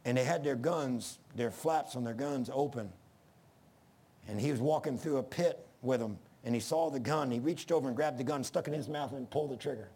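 A man's voice: medium pitch, a little fast, warm tone, husky. A middle-aged man preaching a sermon in an earnest, folksy way that rises to emphatic bursts.

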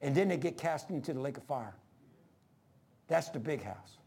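A man preaching a sermon, emphatic, calling out to the congregation and dropping to hushed lines between loud peaks. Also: on the high side, expressive, moderate pace, breathy edge. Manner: calls for congregation responses.

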